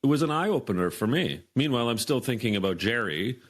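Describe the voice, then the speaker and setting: A man in his fifties, a podcast guest, telling a workplace story in a lively way and acting out the dialogue. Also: mid-range voice, brisk. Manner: animated storyteller, acts out quoted dialogue. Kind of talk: storytelling in an interview.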